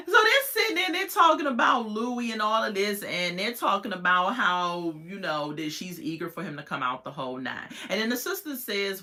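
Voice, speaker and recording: A woman chatting casually as she recaps a reality TV episode, slangy and animated, laughing often. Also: medium pitch, moderate pace. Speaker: TV show reviewer.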